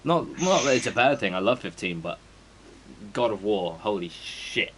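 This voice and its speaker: A man's voice: lowish voice, expressive, normal speed, fairly bright tone, slight background noise, rough recording. A man, streaming a game and chatting casually in a rambling, sweary way full of fillers. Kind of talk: casual chat before a stream.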